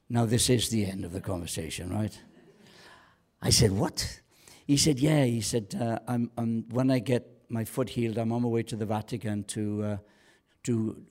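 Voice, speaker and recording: A man preaching a sermon in a church, swinging between loud calls to the congregation and quiet storytelling. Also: medium pitch. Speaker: pastor.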